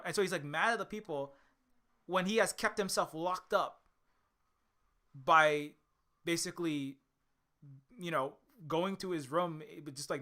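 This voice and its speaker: A young man rants casually for his vlog, sarcastic and rambling, swearing freely. His voice sits a bit high and has a bright, forceful edge. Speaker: indie game developer.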